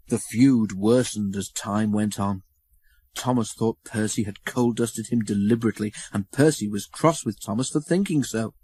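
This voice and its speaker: A man narrating a children's storybook in a measured, expressive way on a close studio mic. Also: fairly low pitch, slightly rough, dry recording.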